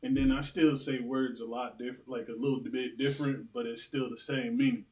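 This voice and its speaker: A man's voice: mid-range voice, moderate pace, far from the mic, a little hiss or hum, poor audio. A man chatting casually at a religious service, speaking loosely and conversationally as he shares his experience. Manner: relaxed, conversational, loose phrasing with fillers.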